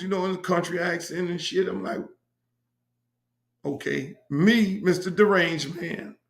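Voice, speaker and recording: A man's voice: high voice, fairly even intonation, measured pace, gravelly, echoey room. A middle-aged man from Miami hosting his own show, telling stories in a brash, profane, repetitive way. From Miami, USA. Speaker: host. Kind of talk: casual storytelling monologue.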